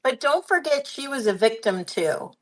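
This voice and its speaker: A woman's voice: high voice, lively intonation, normal speed, poor audio. Earnest woman guest on a podcast. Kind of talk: casual movie podcast chat.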